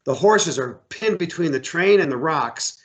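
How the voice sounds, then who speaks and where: A middle-aged American man, an outfitter and hunting guide, telling stories in a casual interview, animated and repeating words as he acts out voices. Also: on the high side, a little slow.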